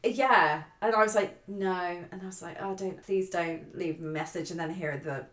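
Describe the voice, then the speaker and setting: Podcast co-host, woman, lively anecdote teller, echoey room sound. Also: lowish voice, moderate pace. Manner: swearing, animated storyteller, acts out her own quotes. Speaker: podcast co-host telling a dating story. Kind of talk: casual chat.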